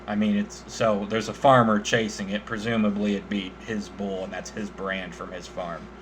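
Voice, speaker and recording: A man runs a tabletop game, describing the action in an easygoing, halting way. His narration wanders through fillers and restarts, with a faint hiss underneath. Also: on the low side, level tone. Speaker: game master.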